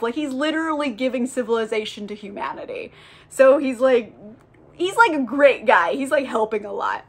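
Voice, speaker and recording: A woman's voice: high-pitched, expressive, moderate pace, a bit bright. A woman giving a casual, irreverent book recap, chatty and full of "like.". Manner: chatty and irreverent, heavy use of "like". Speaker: book reviewer.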